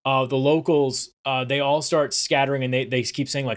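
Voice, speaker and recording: A man's voice: medium pitch, moderate pace. Laid-back man on a podcast. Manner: relaxed, casual, with some stammering restarts. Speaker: podcast co-host. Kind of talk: casual recap chat.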